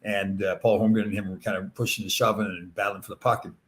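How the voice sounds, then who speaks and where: A middle-aged man with a somewhat low voice hosts a casual podcast. He rambles through answers with frequent fillers and chuckles, relaxed and conversational. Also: fast. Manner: rambling, laughs often, many fillers. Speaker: podcast host.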